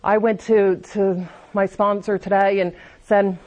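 A woman's voice: medium pitch, flat delivery, measured pace, darkish tone, highs cut off. A woman speaking candidly at a recovery meeting, giving a confessional personal testimony and often restarting her sentences.

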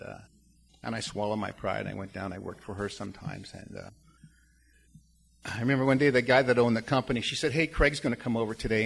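A man in his fifties with a gravelly, fry-tinged voice, speaking at a middle pitch as he shares his story with a recovery group. He rambles and restarts his sentences, and faint noise sits behind him in the room. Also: fairly bright tone. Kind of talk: personal testimony to a recovery group.

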